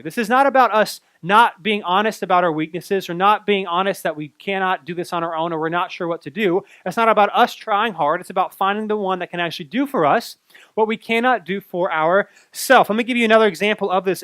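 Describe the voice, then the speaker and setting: High-voiced man preaching a sermon. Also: no room sound. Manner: conversational, animated preaching with reading of scripture. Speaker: pastor.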